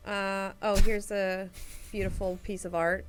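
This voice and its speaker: A woman's voice: mid-range voice, level tone, unhurried, soft background music. Bubbly woman co-host. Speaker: co-host presenting fanart. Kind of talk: casual chat.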